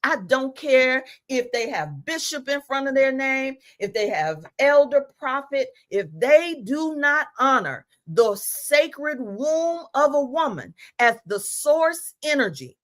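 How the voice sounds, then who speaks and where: A woman's voice: high-pitched, big pitch swings, fairly bright tone. A woman giving a spiritual teaching talk, preaching emphatically and reading out declarations. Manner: self-aware of talking fast.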